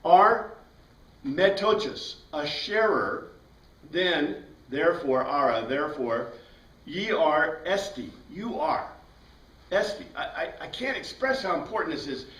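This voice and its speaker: Picked up by a distant mic in a roomy space, this classroom lecture comes from a man teaching Bible class. He explains things step by step and questions his students, speaking slowly in a high, slightly bright voice with big pitch swings.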